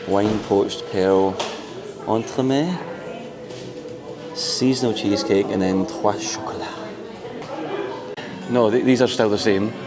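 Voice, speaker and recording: A man vlogging in a resort, his voice sitting on the low side. He gushes and laughs easily, and music plays clearly behind him. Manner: excitable, gushing, laughs often. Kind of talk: casual vlog narration. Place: resort, indoors.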